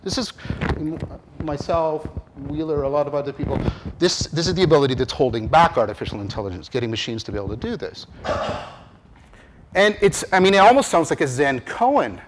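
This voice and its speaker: A man giving a conference lecture on cognitive science, with animated emphasis, rhetorical repeated questions and frequent restarts. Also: on the high side, fairly quick, background noise. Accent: Canadian English. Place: lecture room.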